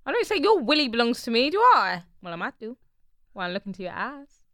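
A young woman chats on a podcast in a lively, slangy way, her pitch fairly high and swinging widely. The sound is close and dry. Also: a little fast, dry recording. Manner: animated, swearing, slangy, laughing. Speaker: podcast co-host. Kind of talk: casual chat.

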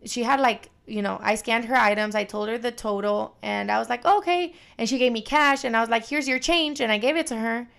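A young woman with a gravelly edge and a slightly high voice tells stories in casual podcast chat. She is animated and swears freely. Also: fast, few pauses. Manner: animated storytelling, heavy swearing. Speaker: podcast co-host.

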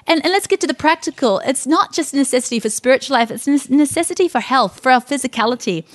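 A woman co-hosting a podcast, telling stories with animated, emphatic delivery in a casual faith talk. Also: high voice, fast talker. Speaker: podcast co-host.

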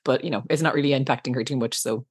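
A woman's voice: a bass voice, racing, slightly rough, dry recording, clean studio sound. A woman co-hosting a casual recap chat, laughing often and acting out quoted lines. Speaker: podcast co-host.

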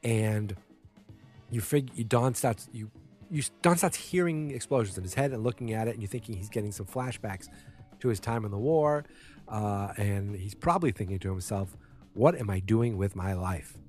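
A man with a lowish, darkish voice recaps a TV episode at normal speed, rambling casually with fillers and restarts. He briefly acts out characters' lines with small shifts in his voice, and faint music plays behind him.

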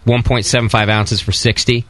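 A man's voice: medium pitch, little pitch movement, fairly quick, a bit bright. A man hosting a casual homebrewing podcast, joking and reading sponsor plugs. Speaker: podcast host. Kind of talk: casual chat.

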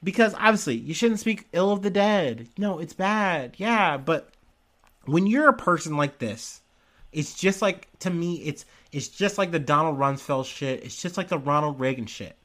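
A man hosts a podcast from his small apartment, and his voice sits a little higher than most men's. He rambles casually, swears freely and gives his opinions straight out. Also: lively intonation, moderate pace, fairly bright tone. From United States. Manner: profane, rambling, frank opinions. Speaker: podcast host.

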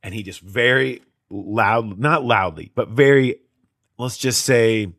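A man's voice: mid-range voice, slow, a bit bright, dry recording, clean studio sound. A man, a sports reporter co-hosting a podcast, telling stories casually with lots of fillers and laughs. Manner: chatty storyteller, lots of fillers, laughs at his own stories.

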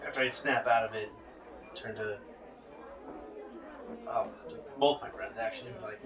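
A man playing in a tabletop game, speaking in halting, casual speech, a bit away from the mic, with music behind. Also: fairly low pitch, fairly even intonation, a crowd in the background. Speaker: player. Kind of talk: in-character tabletop play. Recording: distant from the mic.

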